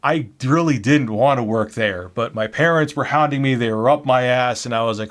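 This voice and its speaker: A man's voice: medium pitch, moderate pace, hardly any pauses. A man in his forties telling a personal story in a blunt, sarcastic way, with casual swearing. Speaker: YouTube host.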